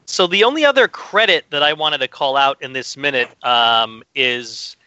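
A man's voice: medium pitch, moderate pace, sharp tone, clear, resonant tone, no echo. A man in casual film-podcast chat, reading out crew credits in a chatty way. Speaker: podcast co-host. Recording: dry, dull lo-fi mic.

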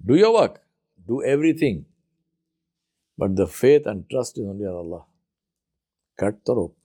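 A man's voice: lowish voice, very animated, moderate pace, warm tone, breathy edge. Man preaching with emphatic repetition. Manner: emphatic, repeats words for effect. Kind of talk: sermon storytelling.

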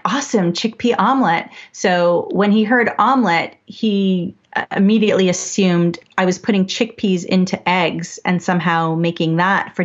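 An animated woman in her thirties tells family stories as a podcast guest. She acts out quotes from her children, and her voice sits a little low. The recording is dull and lo-fi. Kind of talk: casual interview chat.

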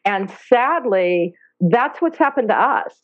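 Woman guest, animated and earnest, phone-quality line. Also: on the high side, takes it slowly. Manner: earnest and animated, laughs easily. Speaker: guest, dolphin therapy program founder. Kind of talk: casual interview talk. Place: lives in Hawaii. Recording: phone-line sound, dry.

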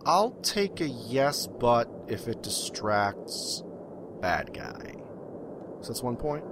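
A man's voice: mid-range voice, slow pace, background noise. A man playing a tabletop game, describing his character's actions with playful energy over a remote call. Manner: animated and playful. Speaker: player. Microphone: remote call mic.

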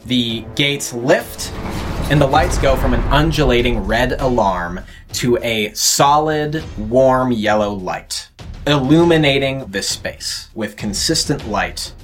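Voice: mid-range voice, slow, soft background music. A game master narrating a tabletop session with descriptive, procedural calls.

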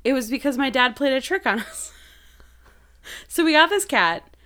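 Podcast co-host, woman with a Wisconsin accent: crisp, bright voice, loose and rambling delivery. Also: sits high, expressive, moderate pace. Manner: rambling, giggly, lots of fillers. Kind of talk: casual chat. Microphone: headphones and studio mic.

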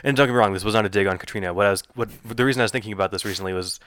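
A man with a very low voice talks fast as a podcast co-host. He rambles and restarts his sentences, working ideas out aloud with analogies. The recording is dry and close. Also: fairly bright tone, dry recording. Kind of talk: casual discussion.

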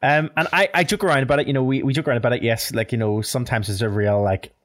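A man's voice: medium pitch, steady tone, racing, a bit bright. A young man with a Northern Irish accent hosting a podcast in casual chat, rambling with many fillers and restarts. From Northern Ireland. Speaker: podcast host.

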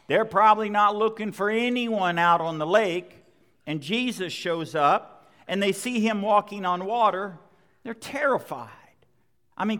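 A man's voice: high voice, fairly bright tone. A man preaching a sermon as pastor, emphatic and conversational, acting out the quoted lines. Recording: long hall reverb.

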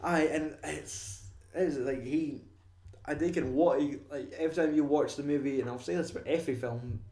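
A young man chatting casually about a film, sweary and animated. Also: on the high side, brisk. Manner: sweary, animated, acts out scenes. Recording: echoey room.

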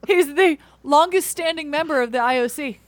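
A woman co-hosting a comedy news podcast, reading headlines aloud with a playful, punning, deadpan teasing manner. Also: sits high, normal speed, no echo. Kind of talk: casual comedic chat.

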